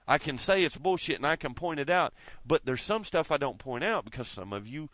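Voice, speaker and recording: High, animated man ranting profanely. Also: no room sound. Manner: emphatic, swears constantly, repeats himself. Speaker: video blogger.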